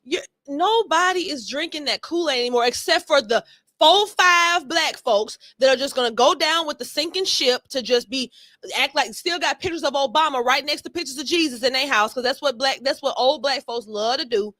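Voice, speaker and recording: A woman co-hosting a podcast, talking in a blunt, sarcastic, animated way. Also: sits high, moderate pace, no echo. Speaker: podcast co-host. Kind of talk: casual commentary chat.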